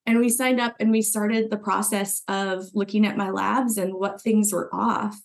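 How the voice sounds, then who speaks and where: A woman's voice: mid-range voice, steady tone, normal speed, gravelly. A woman guest on a podcast, earnestly telling her own story in conversation and acting out what she thought back then. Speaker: podcast guest, former client. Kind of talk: personal story told in conversation.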